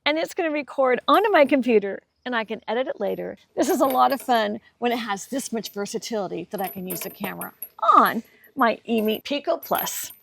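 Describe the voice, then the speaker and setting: A woman's voice: a little high, animated, brisk, gravelly, a bit bright, a little hiss or hum. A woman demonstrating a webcam in an upbeat, enthusiastic way, recorded outdoors in a garden through a webcam mic on a computer. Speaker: product reviewer. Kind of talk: product demo.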